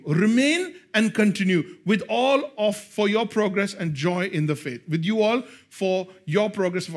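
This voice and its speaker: A male pastor preaching a sermon, swinging between hushed, slow lines and loud, excited bursts. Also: sits high, slightly rough.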